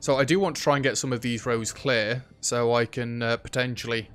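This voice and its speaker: Guy doing a chatty let's play, mid pitch, soft game music behind. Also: moderate pace, hardly any pauses, smooth. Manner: chatty, jokey, talks to game customers. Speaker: gaming YouTuber.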